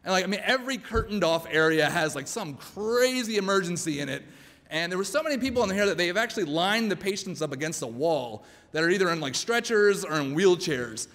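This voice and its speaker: High-voiced man telling a story on stage. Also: animated, a little fast, fairly bright tone. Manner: chatty, self-mocking, full of "like". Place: church hall with live audience. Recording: long hall reverb, faint room noise.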